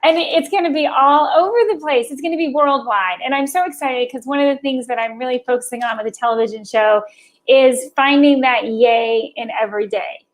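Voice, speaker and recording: Bubbly high-voiced woman guest. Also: brisk. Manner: bubbly, exclamatory. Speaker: guest, former radio host. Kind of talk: casual interview chat.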